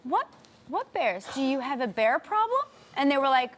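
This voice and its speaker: A woman's voice: sits high, normal speed. A middle-aged woman co-hosting a talk show, telling a story in casual chat and acting out the quotes. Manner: animated storyteller, acts out quotes.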